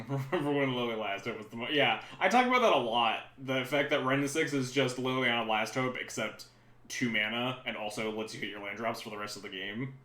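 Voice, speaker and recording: Brisk and pushed, with a bright medium-pitched voice, a man rambles casually while streaming cards from his room at home. The audio is reverberant, and he's chatty, constantly interrupting himself partway through sentences.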